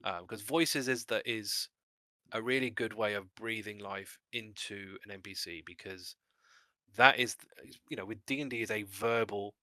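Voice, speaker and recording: A man's voice: lowish voice, moderate pace, sharp tone, dry recording. A man co-hosting a casual discussion about game mastering, rambling a little with restarts and small laughs.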